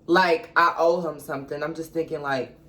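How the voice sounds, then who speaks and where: A woman's voice: deep voice, fairly even intonation, moderate pace, fairly bright tone, a little hiss or hum. A young woman vlogger telling a storytime in a chatty, confiding way, retelling events dramatically and calling her viewers girl and baby. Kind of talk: storytime vlog.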